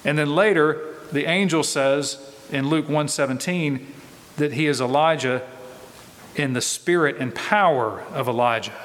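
A pastor preaching a verse-by-verse sermon, teaching in a conversational way and asking rhetorical questions. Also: male voice, fairly high pitch, unhurried, a bit bright, in a large hall. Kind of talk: expository sermon.

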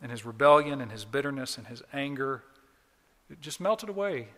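A man's voice: medium pitch, animated, moderate pace, bright, forceful tone, big-room sound. A man preaching a sermon as pastor, earnest and emphatic, often repeating key phrases. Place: church.

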